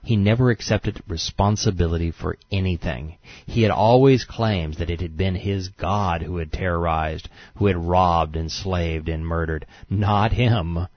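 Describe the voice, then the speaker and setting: Deep-voiced sarcastic male narrator. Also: measured pace, few pauses, no room sound, highs cut off. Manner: sarcastic, scornful commentary. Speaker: documentary narrator. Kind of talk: scripted narration.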